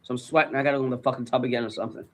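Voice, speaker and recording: A man's voice: mid-range voice, rough recording. A man in casual chat, telling rambling stories full of swearing. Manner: rambling, profane storytelling; fast, animated.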